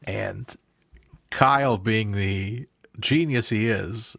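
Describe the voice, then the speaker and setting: A man's voice: on the low side, extremely slow, vocal fry, a bit bright, no room sound, clean studio sound. A man in his thirties co-hosting a casual movie podcast, rambling into side stories and laughing a lot. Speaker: podcast co-host.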